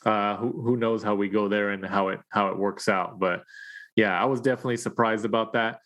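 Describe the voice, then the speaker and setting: A man's voice: fairly low pitch, steady tone, fairly quick, a bit bright. A man co-hosting a boxing podcast, chatting casually and acting out quotes in his stories. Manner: chatty storyteller, acts out quotes, laughs often. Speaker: podcast co-host.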